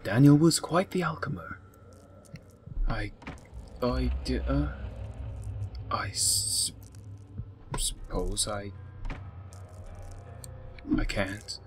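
A man's voice: lowish voice, drawn-out words, long pauses, background noise. A man giving comedic let's play commentary in a mock-formal narrating manner, with whispered asides. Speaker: gaming YouTuber.

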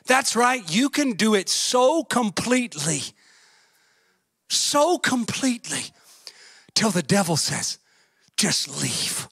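Male preacher, very high, bright voice, fervent sermon delivery with shouted peaks and folksy storytelling. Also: lively intonation, takes it slowly, long pauses, slightly rough, no room sound. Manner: fervent, rising to shouts and singsong.

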